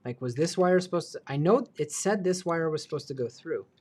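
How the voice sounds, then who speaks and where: A man hosting a live build stream thinks aloud as he works, chatting away and making self-deprecating asides. His voice is on the high side and darkish, with lively intonation and a fairly quick pace.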